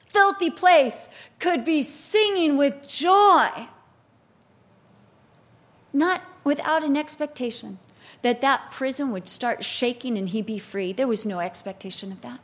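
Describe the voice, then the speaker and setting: A woman with a high, bright voice delivers an animated sermon. She tells stories with vivid acted-out quotes and a lot of expression. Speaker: preacher.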